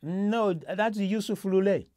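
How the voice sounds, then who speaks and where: Pria pembawa acara yang sering tersendat. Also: male voice, high-pitched, a little slow, a little mellow. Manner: hesitant, many restarts and fillers. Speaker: host. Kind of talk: casual political discussion.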